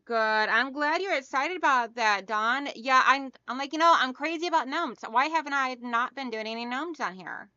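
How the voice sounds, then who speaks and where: A woman's voice: sits high, lively intonation, normal speed, few pauses, bright, forceful tone, no room sound, muffled recording. A middle-aged woman hosting a hand-quilting livestream, chatting casually and greeting viewers by name, calling them hon and girl. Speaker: craft channel host.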